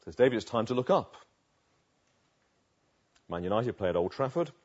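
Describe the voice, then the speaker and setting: Husky male preacher with dramatic swings. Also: medium pitch, animated, moderate pace. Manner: dramatic swings between hushed and emphatic. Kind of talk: sermon. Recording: dull lo-fi recording.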